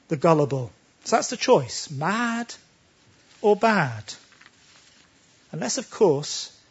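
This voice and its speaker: Emphatic preacher, man with a high, lively voice. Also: breathy edge, lo-fi sound. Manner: emphatic, with rhetorical questions. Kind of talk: sermon.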